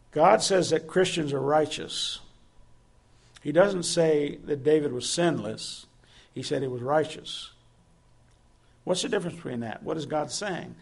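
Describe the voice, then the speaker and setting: Guy preaching a sermon, bit high pitched, gravelly, earnest, keeps asking the folks questions. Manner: earnest, asks the listeners direct questions.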